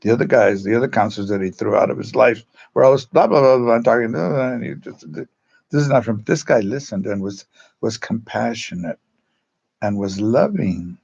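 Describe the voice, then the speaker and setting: A man who teaches drama, telling rambling stories in a halting way and acting out quotes in changed voices. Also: lowish voice, gravelly, a little mellow, husky, highs cut off. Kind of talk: storytelling, casual talk.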